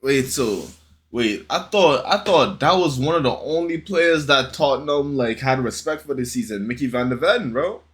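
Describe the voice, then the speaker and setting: A man's voice: medium pitch, lively intonation, normal speed, a bit bright. A man hosting a reaction video, chatting casually, asking viewers questions and reacting to clips.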